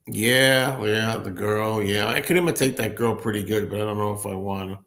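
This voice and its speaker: A man with a fairly bright voice on the low side hosts his own casual livestream alone. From an indoor table with his laptop, he takes viewer comments, wandering through his thoughts aloud and frequently laughing.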